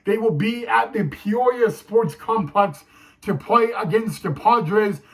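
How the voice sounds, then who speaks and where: High-pitched guy doing a slow, teary fan vlog, keeps saying guys. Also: expressive, low-quality recording. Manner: emotional, repeats "guys" often. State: teary, choked up. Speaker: sports fan vlogger.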